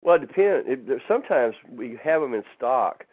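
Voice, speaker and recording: A man who builds barbecue pits and owns a fab shop talks in a casual interview, spinning folksy stories and acting out quotes. His mid-range voice is sing-song at a normal speed, with no echo, on a dull, lo-fi, dry recording.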